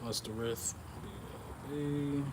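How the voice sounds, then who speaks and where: A man giving an informal sermon on prophecy, reading scripture aloud and explaining it, often checking in with "okay?" and "all right?" and pausing with "uh". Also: medium pitch, fairly even intonation, a little mellow, slight background noise. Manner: pauses with "uh" and restarts. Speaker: bible teacher.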